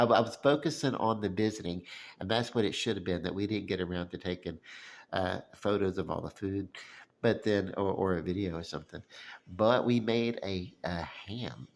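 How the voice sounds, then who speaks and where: A man with a Louisiana Southern accent chatting casually about holiday cooking, halting with many fillers and restarts. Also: low-pitched, gravelly. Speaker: vlogger. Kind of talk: casual rambling chat.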